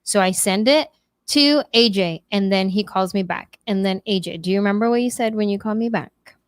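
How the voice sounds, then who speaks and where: A woman's voice: mid-range voice, brisk, dry recording. A woman hosting a podcast, telling a story in casual chat and acting out quotes in exaggerated voices. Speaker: podcast host.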